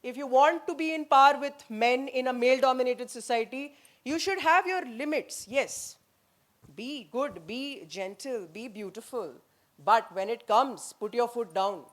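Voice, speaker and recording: Lively Indian woman telling army stories. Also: high-pitched, a little slow. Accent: Indian English. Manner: lively storyteller who acts out quotes and slips into Hindi; emphatic, punchy declarations. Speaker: former army officer speaking on a panel. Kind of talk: anecdotal speech at a leadership summit.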